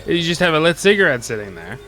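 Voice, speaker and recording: A man's voice: a little high, sing-song, fast, bright, forceful tone. A man streaming a video game, joking and curious as he comments on what he sees. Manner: joking, curious, often laughing. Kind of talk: gameplay commentary.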